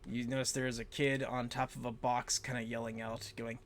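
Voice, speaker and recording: A man running a tabletop game as game master, narrating in a relaxed, hesitant way. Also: medium pitch, brisk, hardly any pauses.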